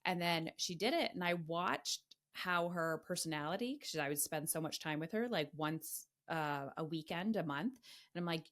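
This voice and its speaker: With a low voice at normal speed, a middle-aged woman hosts a podcast and recounts a personal story frankly. She is emphatic, swears often and retells things in an animated way.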